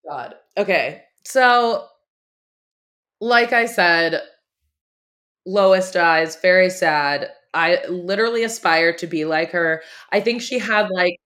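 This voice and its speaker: A woman's voice: on the low side, slow pace, a bit bright. A woman hosting a podcast, chatting casually and animatedly about reality TV gossip, laughing often. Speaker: podcast host. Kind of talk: casual chat.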